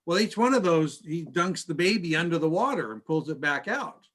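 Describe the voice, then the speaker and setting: A man, a pastor, telling stories in a casual church class, chatty and halting with frequent restarts. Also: fairly high pitch, lively intonation, a bit bright. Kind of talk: casual storytelling lesson.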